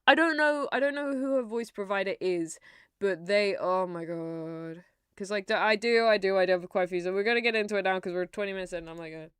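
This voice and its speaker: A woman's voice: mid-range voice, brisk, fairly bright tone, clear, resonant tone, no echo, studio quality. A young woman from the UK streaming a game, chatting and giggling as she rambles and reads the on-screen text. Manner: giggly, rambling, chatty with frequent laughs and restarts. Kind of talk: casual live-stream chat and game text reading.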